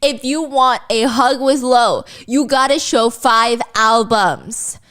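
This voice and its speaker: A woman's voice: a little high, slow, fairly bright tone. Giggly woman telling a true crime story. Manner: playful, giggly asides to co-host. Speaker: host and storyteller.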